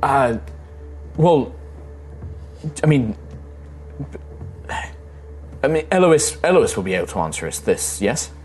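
A man's voice: mid-range voice, big pitch swings, darkish tone, faint music behind, voice pushed up. A man voicing a shaken young male prince who stammers and halts. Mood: nervous. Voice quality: stammering, halting.

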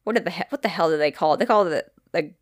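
A woman's voice: fairly low pitch, racing, no echo, clean studio sound. Rambling, swearing woman podcast host. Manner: rambling, animated, swears freely, fillers like "like" and "kinda". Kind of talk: casual storytelling chat.

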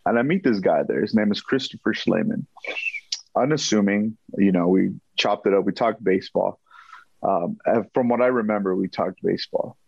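Animated storytelling man, dry dull sound. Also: on the low side, normal speed, gravelly, husky, dry recording. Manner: animated, acts out quotes, repeats himself. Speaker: guest. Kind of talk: storytelling in a casual interview.

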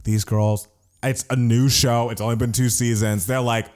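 A man's voice: mid-range voice, little pitch movement, normal speed, darkish tone. A man animatedly telling a story as he recaps a reality TV episode in casual chat, swearing now and then.

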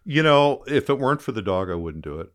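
An older man, a former fishing guide, telling a lively story in casual conversation and shouting out the quoted lines. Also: mid-range voice, fairly quick.

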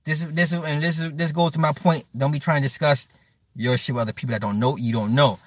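A man's voice: a little high, steady tone, quick pace, no echo. A man hosting a live stream in a blunt, profane, rambling rant, stammering and repeating words and breaking off to thank and answer his viewers. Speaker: livestream host talking to chat.

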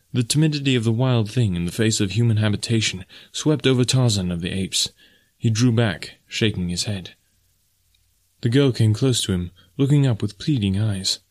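A man narrating an audiobook in a steady, measured storytelling manner. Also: on the low side. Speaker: audiobook narrator and podcast host. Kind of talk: audiobook reading.

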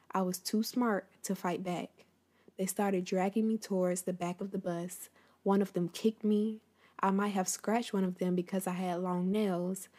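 This history host has a mid-range voice with a slightly mellow quality. Talking conversationally and straight to her audience, she shares a historical tale before reading aloud from a book.

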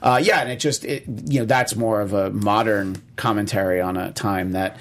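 Gravelly low-voiced man chatting about films. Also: steady tone, moderate pace. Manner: rambling, many fillers and restarts. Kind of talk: casual film discussion.

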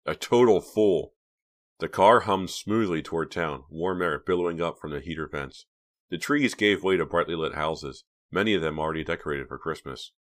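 Very deep-voiced male audiobook narrator. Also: fairly quick, a bit bright.

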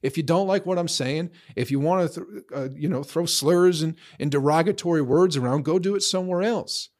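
A man's voice: on the high side, fairly quick, a little mellow. A man ranting to his social media followers in a heated, profane, rambling monologue.

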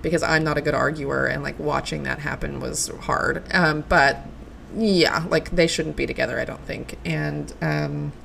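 A woman's voice: low-pitched, fairly even intonation, moderate pace, creaky, fairly bright tone, slight background noise. A young woman hosting a solo podcast, gushing and chatty with lots of likes and ums. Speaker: podcast host. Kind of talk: casual solo podcast chat.

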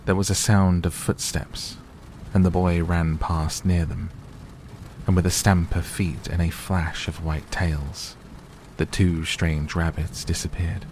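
A man softly and gently reading a bedtime story aloud as narrator. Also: low-pitched, little pitch movement, a little slow, a little hiss or hum. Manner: gentle, hushed. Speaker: audiobook narrator. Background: soft rain sounds.

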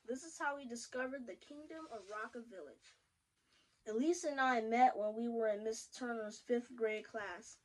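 A woman's voice: fairly high pitch, moderate pace, rough recording. A woman hosting a podcast, reading a children's picture book aloud and giving the characters small voice changes. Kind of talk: storybook read-aloud.

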